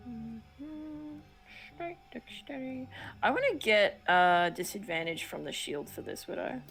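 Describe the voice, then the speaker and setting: A woman's voice: a little high, expressive, unhurried, a bit bright, soft background music. A woman playing a tabletop game, talking casually and hesitantly with fillers. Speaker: player.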